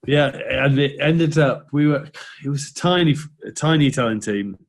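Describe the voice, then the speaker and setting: A man's voice: mid-range voice, normal speed. Jokey former rugby player, a man. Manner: jokey, laughs often, thinks aloud. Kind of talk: casual chat.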